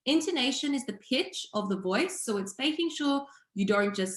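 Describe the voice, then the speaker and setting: A young woman teaching public speaking online, explaining each skill in a clear, steady way. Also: sits high, normal speed. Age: young adult. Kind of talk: online seminar presentation. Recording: echoey room.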